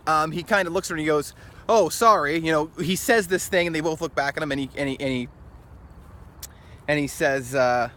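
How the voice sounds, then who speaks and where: A man's voice: on the high side, steady tone, brisk, a bit bright. A man talking in a casual opinion vlog, rambling and opinionated and often chuckling, recorded outdoors in a city. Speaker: vlogger.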